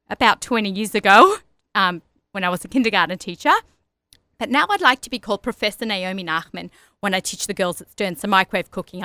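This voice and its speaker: A woman's voice: medium pitch, sharp tone, clean tone, no room sound. Chatty Australian woman radio host. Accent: Australian, softened by long US residence. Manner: chatty and enthusiastic, with fillers. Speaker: radio show host and personal chef. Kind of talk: solo radio show introduction.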